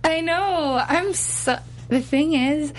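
A woman singer chats slowly and unhurriedly in an interview, pausing often and filling gaps with little hums and laughs. A faint hum sits behind her voice. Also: high-pitched. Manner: hesitant, pauses with many fillers, laughs easily. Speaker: singer guest. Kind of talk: casual interview chat.

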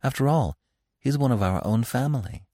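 A man voicing a young male deer, earnest and anxious, speaking softly with a slight quaver. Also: medium pitch, animated, moderate pace, no room sound, studio quality, pitched above the performer's own voice, lightly acted. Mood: pleading. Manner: soft, quavering, pleading.

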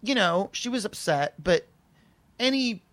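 A man telling an anecdote in casual conversation, lively and acting out the people he quotes in raised voices. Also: high voice, a little slow, no echo.

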